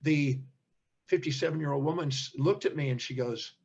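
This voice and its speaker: An older man with a husky, somewhat high voice tells a story, acting out the voices of the people in it. The sound is muffled and lo-fi, like audio from a remote call. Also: a little fast. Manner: animated storyteller, acts out quoted speech. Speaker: interview guest, seminar teacher. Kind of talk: storytelling in an interview.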